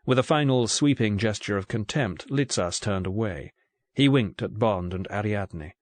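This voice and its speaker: Low-voiced male audiobook narrator. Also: moderate pace, dry recording. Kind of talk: scripted narration.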